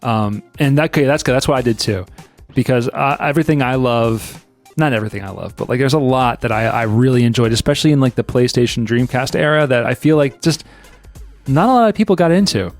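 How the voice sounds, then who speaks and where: A mid-pitched man hosts a podcast, thinking aloud in loose, restarting sentences and laughing often. Faint music plays softly behind him. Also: fast talker. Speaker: podcast host. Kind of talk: casual chat.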